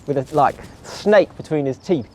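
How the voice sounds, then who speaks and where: A man's voice: fairly high pitch, lively intonation, normal speed, dark tone, slight background noise. A man in a casual podcast chat, joking playfully and spinning absurd tangents. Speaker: podcast co-host.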